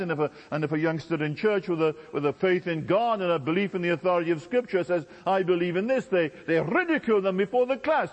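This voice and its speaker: A man's voice: brisk, few pauses, big-room sound, lo-fi sound. A man preaching a sermon with emphatic delivery, from Britain. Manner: emphatic, with sweeping pitch swings.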